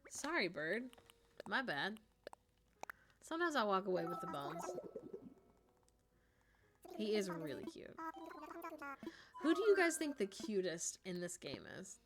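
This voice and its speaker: A woman's voice: mid-range voice, big pitch swings, a little slow, pauses often. A woman live streamer chatting casually and giggling while she plays a game, full of fillers. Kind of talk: casual chat while gaming. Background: game music.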